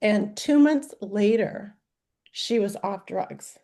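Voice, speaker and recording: Woman in her sixties, life coach, heartfelt personal talk, unhurried delivery, soft mellow tone. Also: mid-range voice. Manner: earnest, speaks in long lists of short phrases.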